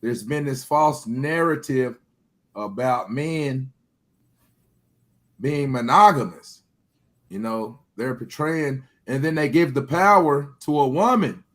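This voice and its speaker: A man's voice: medium pitch, slow, a bit bright. A man talking in a loose group chat, emphatic and profane, who keeps checking in with "you hear me?".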